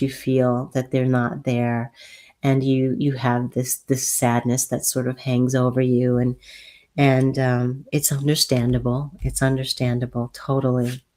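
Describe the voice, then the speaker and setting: A woman hosting a live spiritual advice chat and reading oracle cards. She talks gently and soothingly, halting often and repeating herself as she goes. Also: rumbling low. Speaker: host and spiritual healer.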